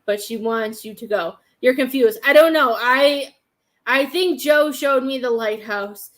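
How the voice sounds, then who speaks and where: A woman's voice: high-pitched, unhurried, a bit bright. A woman hosting a live-stream psychic reading, hesitant and thinking aloud as she speaks to viewers by name. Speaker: psychic medium host.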